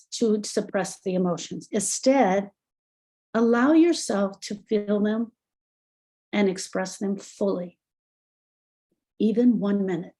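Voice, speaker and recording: A woman's voice: medium pitch, dark tone, breathy edge. A middle-aged woman speaking as a grief coach, talking earnestly and encouragingly straight to the listener. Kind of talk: motivational talk.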